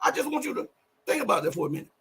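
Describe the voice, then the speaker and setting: A man hosting a live political commentary show, talking emphatically and rambling through self-corrections, often rising to near-shouts. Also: high-pitched, very animated, racing, slight background noise. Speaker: show host.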